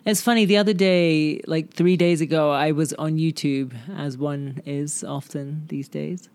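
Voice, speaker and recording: A woman's voice: low voice, fairly even intonation, a little slow, a little mellow. Woman podcast host, effusive and chatty, laughs often. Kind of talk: solo podcast talk.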